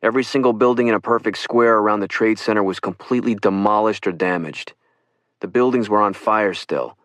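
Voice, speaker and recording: A man narrating an oral history audiobook, reading survivors' accounts in a calm first-person voice. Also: fairly low pitch, a little fast, no echo.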